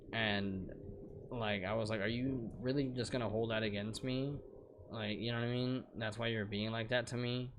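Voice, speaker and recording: A man's voice: on the low side, a little hiss or hum. A young man streaming a game from home at night, rambling and venting in casual chat with plenty of swearing.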